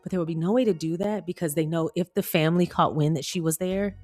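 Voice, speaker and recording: A woman's voice: fairly low pitch, fairly even intonation, fast talker, darkish tone, faint music behind. A woman reading a celebrity news article aloud and breaking off into playful, chatty tangents.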